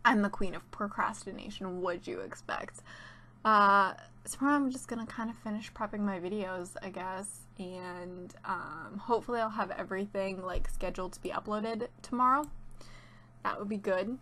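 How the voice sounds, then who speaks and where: A woman's voice: mid-range voice, normal speed, bright, forceful tone, a little hiss or hum. A young woman chatting casually and rambling about her week, with many fillers and laughs. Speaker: gaming YouTuber. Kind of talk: casual chat while playing.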